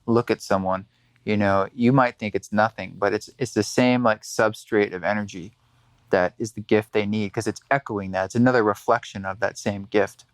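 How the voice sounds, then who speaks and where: A man's voice: lowish voice, fairly even intonation, normal speed, dry recording. A man hosting a podcast in casual conversation, reflective and rambling with many fillers. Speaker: podcast host.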